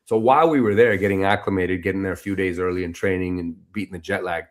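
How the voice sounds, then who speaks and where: A man guest on a podcast, telling a story in a loose, animated, conversational way with lots of filler phrases. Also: low voice, fast talker. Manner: animated, loose and conversational, full of "you know" and "like". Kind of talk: casual storytelling interview.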